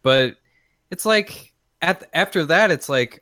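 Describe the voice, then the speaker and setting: A man co-hosting a casual podcast about retro games, excitable and animated, with many restarts. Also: mid-range voice, measured pace, no echo, clean studio sound. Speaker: podcast co-host. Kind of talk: casual chat.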